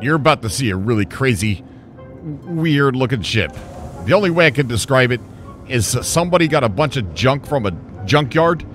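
A man with a mid-range voice hosts a gaming channel, offering casual gameplay commentary. He's excitable, rambles, and laughs often.

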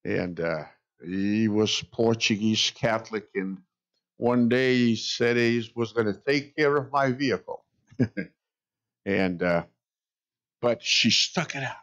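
A male pastor preaching a sermon, telling stories in an unhurried way with wry jokes. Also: lowish voice. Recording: dull lo-fi sound.

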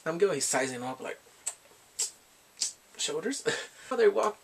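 A man giving a casual spoken drama review, retelling scenes in an animated way and acting out the characters' lines. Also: a little high, unhurried, gravelly, slight background noise.

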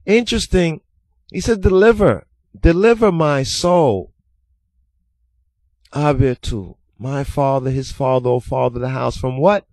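A man teaching a psalm line by line, speaking deliberately, repeating words as he searches, and mixing Amharic and Hebrew terms into English. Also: medium pitch, a little mellow, no echo. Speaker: Bible teacher. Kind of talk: scripture study teaching.

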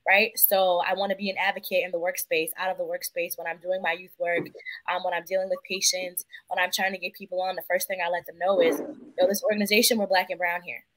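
Earnest woman panelist, fast and reflective. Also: lowish voice, flat delivery, a bit bright, low-quality recording. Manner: thoughtful, earnest. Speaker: panelist, nonprofit worker. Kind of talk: casual panel discussion.

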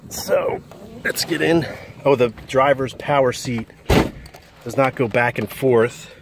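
Taking it slowly in a mid-range voice, a middle-aged car seller shows off a vehicle in a loose, rambling walkaround video, speaking around a cigar. He starts outside and moves into the car, with street and engine noise in the recording.

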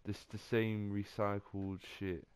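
A man's voice: lowish voice, flat delivery, slow pace, darkish tone, smooth, no echo. A young man ranting and swearing while playing a football video game. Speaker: gamer. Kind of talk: angry gameplay commentary.

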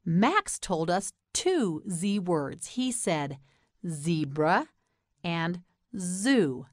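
A woman with an American accent leads a beginner pronunciation lesson at a very slow, deliberate pace. Her voice sits a little low, and the recording is close and dry. She says each word with care and then asks the listener to say it back. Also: big pitch swings, no room sound. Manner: repeats words slowly and asks the listener to say them back. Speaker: English pronunciation teacher. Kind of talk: slow, clear scripted lesson narration.

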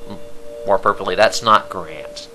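A man's voice: low-pitched, unhurried, rough recording. A young man co-hosting a video game let's play, rambling and joking in casual commentary. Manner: rambling, jokey, giggly. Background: game music.

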